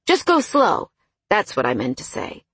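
A woman voicing a cocky, condescending male coworker who teases and smirks, in a storybook read with a husky voice. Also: high voice, huge pitch swings, measured pace, a bit bright, no room sound, exaggerated voice. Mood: smirking, teasing. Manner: teasing, know-it-all.

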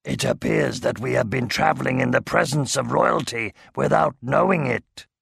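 A man's voice: mid-range voice, normal speed, creaky, fairly bright tone, breathy edge, no echo, full character voice. A man voicing a proud female dragon speaking with dry amusement. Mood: amused. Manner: dry, amused, mind-speech.

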